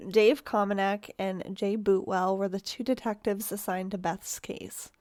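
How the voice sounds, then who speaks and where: A woman narrates a true-crime case for a podcast in a loose, conversational way. Her voice sits at an ordinary middle pitch. The sound is dry and close. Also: fairly even intonation, a little slow, a little mellow, no echo. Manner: chatty, reads quotes aloud, laughs, swears casually. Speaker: podcast co-host.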